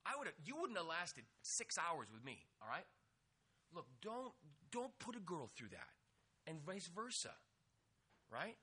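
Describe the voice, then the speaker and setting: A man preaching an energetic youth sermon, acting out quotes and joking with the listeners. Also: on the high side, moderate pace, slightly rough. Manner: animated, acts out quotes, jokes with the audience. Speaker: youth pastor.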